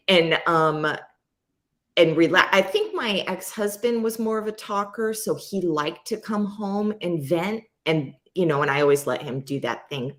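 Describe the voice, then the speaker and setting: A woman hosting a casual live chat, talking candidly and ramblingly and swearing freely. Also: lowish voice. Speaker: host.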